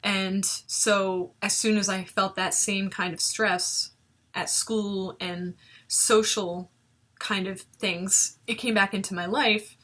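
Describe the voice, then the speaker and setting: A woman's voice: mid-range voice, fairly even intonation, takes it slowly, fairly bright tone. A young woman looking back on an old video of herself, talking casually and animatedly, with self-mocking humor and frequent laughs. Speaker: vlogger reviewing her old video. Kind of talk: reflective casual commentary.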